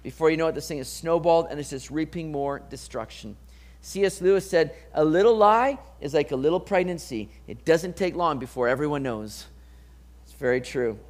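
A man preaching a sermon, reading scripture and acting out the people in the story with lively commentary. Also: fairly high pitch, fairly quick. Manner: animated, acts out voices of the people in the story. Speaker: pastor.

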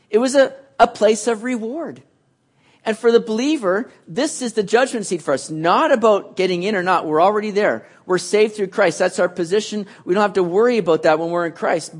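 A man preaching a sermon, telling a story with acted asides and often restarting his words. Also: high voice. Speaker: pastor.

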